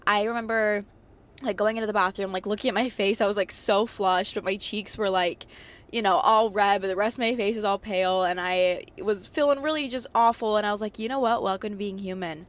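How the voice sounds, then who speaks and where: A young adult woman hosting her own podcast in a bubbly, slangy, rambling chat. Her voice is a little hoarse and cracks from a cold. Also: fairly quick. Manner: bubbly, slangy and rambling, swinging pitch up and down for emphasis. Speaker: podcast host. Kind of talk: casual solo podcast chat.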